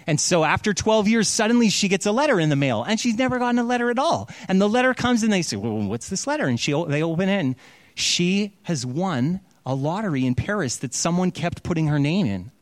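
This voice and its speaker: A man's voice: high-pitched, expressive, a little fast, dry recording. A man preaching, animatedly retelling a story and acting out its quotes in a casual sermon style. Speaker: pastor.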